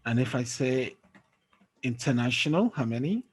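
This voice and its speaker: Here an animated man with a mid-range, slightly breathy voice gives an online English lesson at normal speed. Patient throughout, he tests students with questions and often adds "okay?" to confirm they understand. Audio is from a screen-sharing call or recording.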